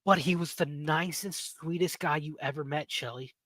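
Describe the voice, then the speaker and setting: A man's voice: a little high, normal speed, fairly bright tone, no room sound. A man, hosting a podcast and telling rambling stories in casual chat. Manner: rambling, self-interrupting storyteller. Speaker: podcast host.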